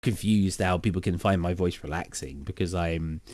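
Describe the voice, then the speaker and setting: A British man chatting casually on a live stream, rambling and energetic with sudden loud bursts. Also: deep voice, moderate pace, no room sound. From Britain.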